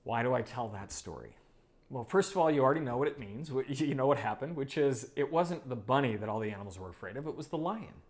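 Man, leadership coach, course lesson, gravelly voice, emphatic repetition. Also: mid-range voice, lively intonation, fast talker. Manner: emphatic, repeats phrases for effect.

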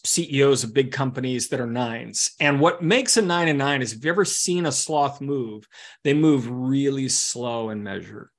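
A man who works as an executive coach, teaching a workshop in an animated way with vivid analogies and asides. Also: medium pitch.

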